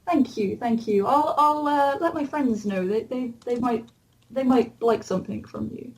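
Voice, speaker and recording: A woman's voice: on the high side, moderate pace. A woman playing a tabletop role-playing game, speaking hesitantly and politely with many restarts. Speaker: player.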